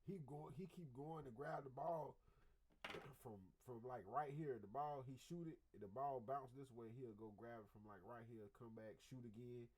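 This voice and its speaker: A man's voice: medium pitch, moderate pace, darkish tone, a little hiss or hum, low-quality recording. A man giving blunt, slangy reaction commentary on stream, repeating himself and acting out what he would have said.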